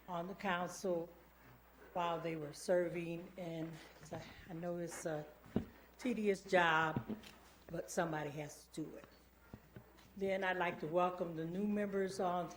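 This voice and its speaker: An older woman addressing a city council, deliberate and halting with frequent fillers. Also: lowish voice, slight background noise. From Albion, Michigan. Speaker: public commenter. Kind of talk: public comment speech.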